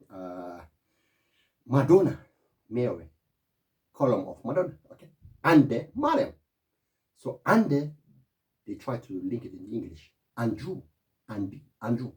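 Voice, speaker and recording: Middle-aged man, digressive casual monologue, lively swooping pitch, mid-range voice. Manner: animated, keeps saying "my friend", digressive.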